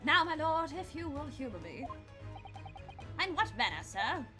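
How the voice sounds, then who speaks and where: A woman's voice: high-pitched, very animated, a little slow, music in the background. A woman voicing an eccentric, theatrical male detective, reading game lines in a grandiose manner. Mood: polite. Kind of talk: reading game dialogue aloud.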